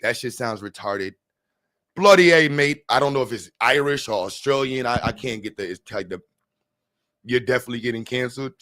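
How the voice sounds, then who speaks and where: A man's voice: medium pitch, brisk, a bit bright, no room sound, studio quality. Man rambling casually to his stream chat. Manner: rambling, profane, joking. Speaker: livestreamer.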